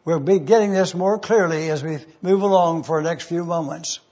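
A man preaching a numbered teaching sermon, speaking slowly and deliberately and repeating key phrases. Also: fairly high pitch, dark tone, muffled recording.

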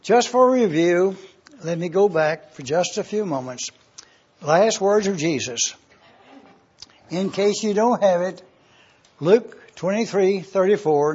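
Brief: male preacher, husky, deliberate teaching delivery, dull lo-fi recording. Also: fairly high pitch, a little mellow. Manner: slow, deliberate, repeats points for review. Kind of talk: teaching sermon.

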